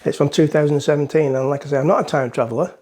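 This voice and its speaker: A man's voice: a little high, fairly even intonation, racing, a little mellow. A middle-aged man, rambling through a joke as he talks to the camera from the front of a boat. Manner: rambling, self-mocking, chatty. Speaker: vlogger. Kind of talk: casual chat to camera, joke-telling.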